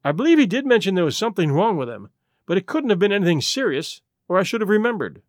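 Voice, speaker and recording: Guy voicing a jumpy young secretary, quick jittery talk, audiobook, dry. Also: sits high, sing-song, no echo. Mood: nervous. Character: nervous young male American secretary. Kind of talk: audiobook character voice.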